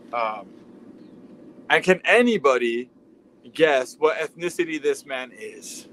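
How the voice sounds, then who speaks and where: A man's voice: on the high side, lively intonation, unhurried, pauses often, fairly bright tone, slight background noise, low-quality recording. A man hosting a livestream, telling a rambling story in a casual, profane, conversational way. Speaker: livestream host. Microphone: streaming mic.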